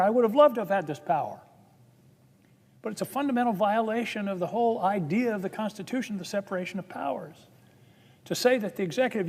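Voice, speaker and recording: A man's voice: sits high, a little mellow. A man, a senator, giving a formal floor speech with earnest, building emphasis. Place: legislative chamber. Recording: long reverb of a large chamber.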